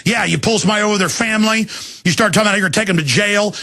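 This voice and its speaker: A male talk show host tears through a fiery monologue. His voice sits high with a gravelly edge and a sharp, bright bite. He ranting builds into shouted bursts and drawn-out, pounding emphasis. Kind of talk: impassioned monologue.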